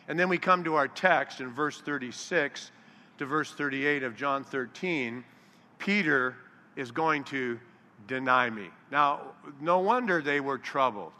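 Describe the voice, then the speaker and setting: A man preaching a sermon, slowing down to quote scripture and acting out the disciples' voices. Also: fairly high pitch, bright, forceful tone. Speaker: pastor. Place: large hall with long reverb. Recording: reverberant hall.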